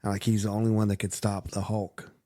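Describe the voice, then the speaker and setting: A man's voice: lowish voice, monotone, fast, mellow, no echo. Man, podcast co-host, casual chat, rambling, filler words, dry recording. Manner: rambling comic-book storyline recaps full of fillers.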